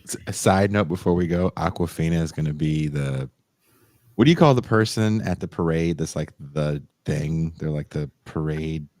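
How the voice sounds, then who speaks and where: A man co-hosting a podcast in casual chat, telling stories with animated delivery and mocking voices. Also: very deep voice, normal speed, no echo. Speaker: podcast co-host.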